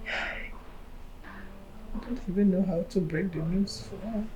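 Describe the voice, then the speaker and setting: A woman with a Nigerian accent playing a newly widowed woman who speaks tearfully and haltingly. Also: mid-range voice, darkish tone, muffled recording, a little hiss or hum, close to an everyday voice. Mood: subdued. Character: newly widowed woman mourning her husband. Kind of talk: Nollywood film acting.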